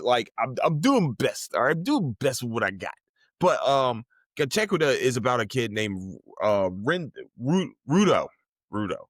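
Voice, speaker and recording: Brief: male podcast host, casual and profane, low-leaning voice, dry mic. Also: a bit bright, no room sound. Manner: rambling, profane, enthusiastic. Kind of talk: casual solo podcast review.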